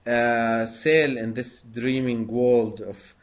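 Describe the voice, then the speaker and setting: Male interviewer, very slow and halting, lots of "uh". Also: medium pitch, fairly even intonation. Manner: halting, many pauses and fillers. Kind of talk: conversational interview.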